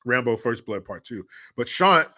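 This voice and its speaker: A man's voice: medium pitch, sing-song, moderate pace, pushed and bright. A man hosting a live show, chatting casually, reading the chat and joking in a profane, rambling way.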